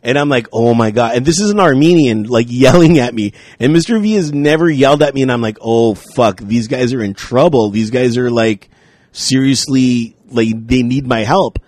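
A man telling a story in casual chat, animated and swearing, acting out what people said to him. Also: mid-range voice, moderate pace, no room sound.

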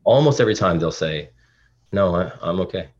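A deep, husky man talks in an earnest, emotional way, circling back and restarting his thoughts as he goes. The recording has a dull, lo-fi quality. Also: lively intonation, fairly quick. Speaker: podcast guest, dad influencer. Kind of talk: casual interview chat.

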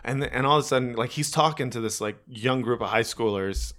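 Bright-voiced rambling comedian guy. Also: mid-range voice, fairly quick. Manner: rambling and profane, lots of fillers and restarts. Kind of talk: casual comedic storytelling.

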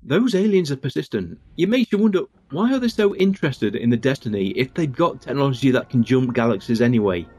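A man's voice: mid-range voice, lively intonation, fairly quick, hardly any pauses, darkish tone, slightly rough, dry recording. A man hosting a podcast, giving casual commentary and reading out episode trivia while watching along. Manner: chatty, chuckling, reads out episode trivia. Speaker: podcast host.

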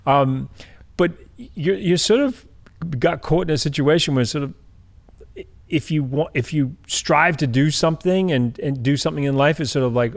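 A man's voice: on the high side, moderate pace. A man interviewing a guest, asking hesitant, trailing questions in casual conversation.

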